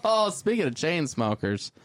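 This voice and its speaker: Animated man telling a story. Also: a little high, normal speed, no room sound. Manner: animated, acts out quotes in voices. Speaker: podcast co-host. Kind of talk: casual storytelling chat.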